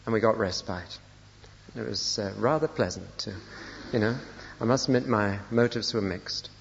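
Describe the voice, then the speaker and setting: A man's voice: on the low side, normal speed, creaky, a little hiss or hum. An older man, a pastor preaching a sermon, telling personal stories with dry, self-deprecating humor. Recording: lo-fi recording in a reverberant church hall.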